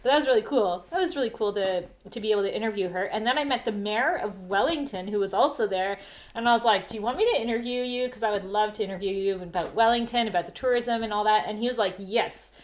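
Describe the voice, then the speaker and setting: A woman hosting a casual family livestream from home, telling travel stories in a chatty, lively way. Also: mid-range voice, fast talker. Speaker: family travel channel host, mother. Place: home during lockdown.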